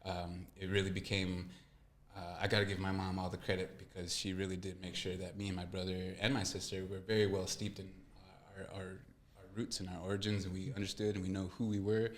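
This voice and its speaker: Deep-voiced man, earnest storyteller. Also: little pitch movement, fairly quick, roomy sound. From California. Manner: earnest, reflective storytelling with acted quotes. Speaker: guest. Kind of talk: casual interview chat.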